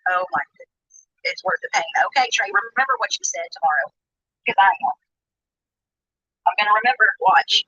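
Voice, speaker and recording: A speaker in a replayed video clip, ranting excitably and swearing constantly. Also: mid-range voice, fast, no echo. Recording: muffled dry clip audio.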